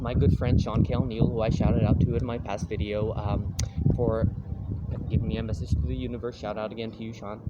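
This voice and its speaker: A man's voice: medium pitch, dull audio, very noisy. A man vlogging, telling a rambling, casual story and slipping into voices for the people in it. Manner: rambling, breaks into quoted voices.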